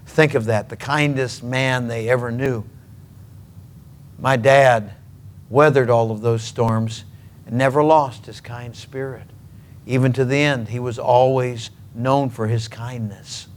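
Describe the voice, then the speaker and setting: A man from Minnesota preaching a sermon, telling stories earnestly and emphatically with dramatic pauses. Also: mid-range voice. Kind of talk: sermon storytelling.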